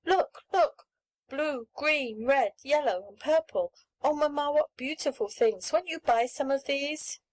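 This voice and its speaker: A woman voicing an eager little girl of about seven who pleads for pretty things, speaking high and excited. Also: a little slow, poor audio.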